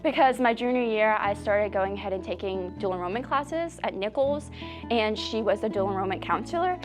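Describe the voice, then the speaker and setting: A young adult woman, a high school student telling her story in an interview and acting out quoted voices. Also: fairly quick, soft background music. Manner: animated, acts out quoted voices.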